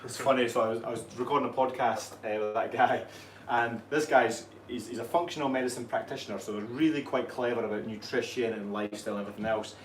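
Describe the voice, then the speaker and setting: A man's voice: medium pitch, fast talker. A Scottish man who coaches fitness and co-hosts a live stream, chatting casually and joking with his co-host. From Scotland. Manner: relaxed, joking, laughs often. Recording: echoey room, mic at a distance, faint noise.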